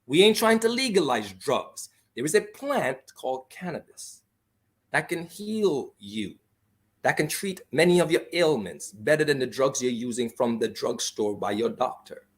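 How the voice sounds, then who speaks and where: A man's voice: mid-range voice, sing-song, unhurried. A man from Grenada, speaking as a guest on a radio talk show in an impassioned, argumentative way.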